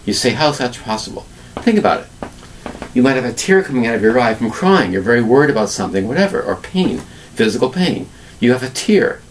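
A man teaching an English vocabulary lesson alone, spelling words out slowly and asking rhetorical questions. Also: medium pitch, recorded from a distance, a little hiss or hum, rough recording. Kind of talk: solo ESL vocabulary lesson.

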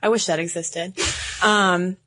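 A woman's voice: fairly low pitch, measured pace, a little hiss or hum. A woman co-hosting a podcast in casual chat, playful and jokey. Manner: playful, jokey, animated storytelling. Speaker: podcast co-host.

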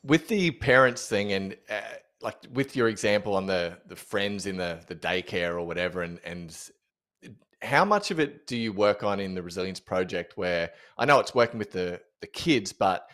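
A man with a slightly low voice co-hosts a casual podcast. He asks questions in a halting, roundabout way. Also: expressive, fairly bright tone. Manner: rambling, halting question with many restarts. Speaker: podcast co-host. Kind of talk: casual interview chat.

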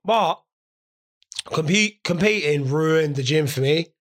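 A man's voice: on the high side, slow pace. A young man telling rambling, jokey, sweary stories in a casual solo monologue. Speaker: podcast host.

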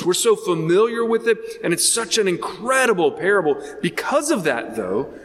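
Earnest man preaching in a reverberant hall. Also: on the high side. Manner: earnest, animated preaching with frequent restarts and rhetorical questions. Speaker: pastor. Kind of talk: sermon.

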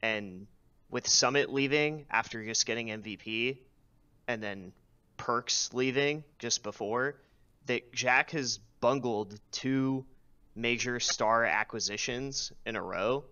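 A man calling in to a show, laying out a prepared opinion at length in an articulate, steady way. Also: medium pitch, slow, clean tone. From US West Coast. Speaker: caller. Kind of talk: call-in opinion take. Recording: dull lo-fi call audio.

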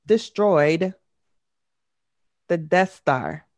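A woman hosting a casual trivia podcast who laughs often and reads out questions slowly. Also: fairly low pitch, lively intonation, a little mellow, dry recording. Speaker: trivia quiz host.

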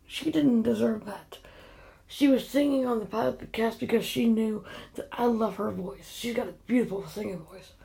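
A woman's voice: fairly high pitch, unhurried, vocal fry. An older woman, a grandmother, angrily scolding online trolls in a direct-to-camera vlog rant. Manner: angry, scolding, emotional. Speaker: grandmother vlogger. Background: quiet house at night.

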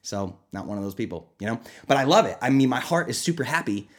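A man hosting his own podcast as a nutrition coach, talking casually and animatedly, often jumping into high, excited mock voices. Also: fast. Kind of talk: casual solo podcast talk.

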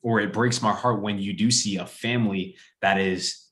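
A man with a low voice hosts a casual chat. He listens closely and responds with warm affirmation. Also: fairly even intonation, moderate pace.

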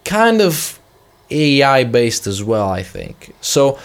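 A man's voice: medium pitch, very animated, slow. A man co-hosting a casual tech podcast, rambling and joking, often trailing off mid-sentence. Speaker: podcast co-host. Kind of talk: casual chat.

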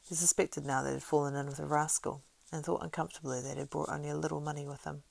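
Low, gravelly woman reading a novel. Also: level tone, rapid-fire. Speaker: audiobook narrator. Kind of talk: storybook narration.

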